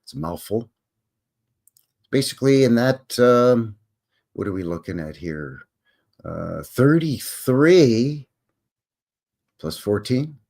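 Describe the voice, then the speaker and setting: A man's voice: medium pitch, sing-song, takes it slowly, creaky, long pauses, darkish tone. A man hosting a live stream. He reads articles aloud and rambles through wry, skeptical, joking asides. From Canada. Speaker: host of a live stream show.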